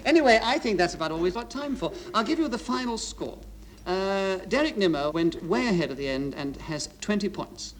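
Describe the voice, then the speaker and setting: A man chairing a radio panel game, brisk and jovial, quick to laugh, on an old recording with an audience laughing. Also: high-pitched, expressive, a little hiss or hum. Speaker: quiz show chairman. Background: studio audience laughter.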